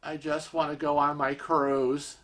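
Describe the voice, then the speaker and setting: A man voicing his stunned, weary husband in a low, deflated mutter. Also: fairly even intonation, normal speed, pushed and bright.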